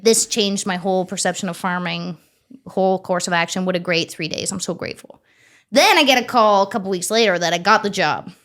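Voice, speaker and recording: A woman in her thirties tells stories in a casual interview. She sits at a middle pitch for a woman, talks in a lively, chatty way, swears freely and acts out the people in her stories. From Ontario, Canada. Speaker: farmer, interview guest.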